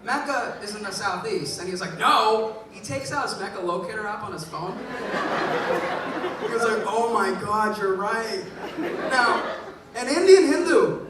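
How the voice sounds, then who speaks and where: A man's voice: high voice, lively intonation, moderate pace, crowd noise. A man from the Bay Area doing a stand-up comedy set, telling stories, acting out the quotes and often laughing. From Bay Area, California. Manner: storytelling with acted-out quotes and frequent laughs. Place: large venue with a live audience. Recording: echoey, distant, noisy live recording.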